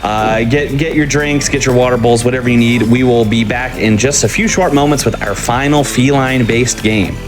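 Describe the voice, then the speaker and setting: Male stream host, mid-pitched, casual and chatty, faint music bed. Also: moderate pace, hardly any pauses. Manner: upbeat, chatty, plugging schedule. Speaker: show host. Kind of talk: casual livestream hosting.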